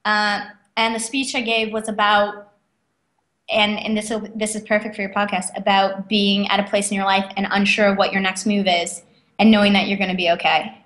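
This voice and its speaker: A woman telling stories as an interview guest, lively and quick with lots of fillers. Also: mid-range voice. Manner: animated, quick, many fillers and acted quotes. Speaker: guest, author and speaker. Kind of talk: casual interview storytelling. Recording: echoey room.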